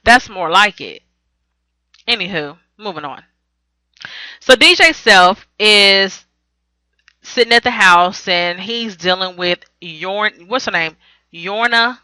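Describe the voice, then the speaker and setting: A woman's voice: medium pitch, slow, long pauses, sharp tone, no echo, low-quality recording. A woman recapping a reality TV episode on her vlog, blunt and profane, rambling and correcting herself as she goes. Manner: blunt, profane, sassy commentary; rambling with frequent self-corrections. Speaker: TV recap vlogger.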